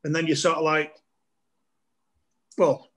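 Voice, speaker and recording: Bloke, middle-aged, comic storyteller, slightly high voice, laughs a lot doing voices. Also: male voice, slow. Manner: animated anecdotes, laughing, acting out voices. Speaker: comedian guest. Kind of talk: casual storytelling chat.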